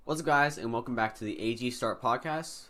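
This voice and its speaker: A man's voice: mid-range voice, fairly quick, sharp tone. A young man hosting a podcast in casual chat, rambling and laughing. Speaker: podcast host.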